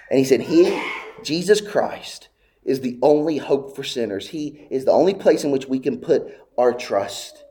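A man preaching a sermon, emphatic and repetitive, rising and falling in loudness as he drives each point home. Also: animated, a little slow. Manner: emphatic, repeating phrases, swinging widely in pitch and loudness.

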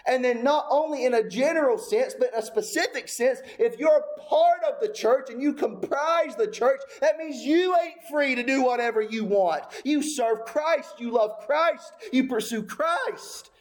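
A man's voice: very high voice, unhurried, few pauses. A male pastor delivering a sermon with emphatic, repetitive phrasing and occasional casual asides. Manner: emphatic preaching with repeated phrases.

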